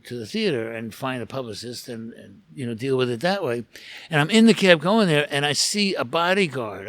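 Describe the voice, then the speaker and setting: A man's voice: mid-range voice, fairly bright tone, no room sound. An older American man, a rock photographer, telling long stories as a podcast guest, with restarts and acted-out quotes. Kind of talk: casual storytelling in a podcast interview.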